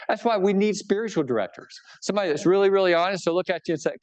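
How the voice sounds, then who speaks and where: A man's voice: high-pitched, racing, hardly any pauses, darkish tone. A man, a bishop, giving an informal book talk to a live audience, conversational and joking, often checking in with his listeners. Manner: self-deprecating humor.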